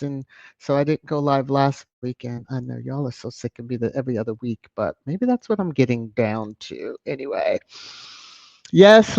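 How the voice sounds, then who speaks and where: Chatty live-stream host, dull lo-fi sound. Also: dry recording. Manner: greets viewers in bursts of high, loud excitement. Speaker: live-stream host reading viewer comments. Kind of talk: casual live-stream chat.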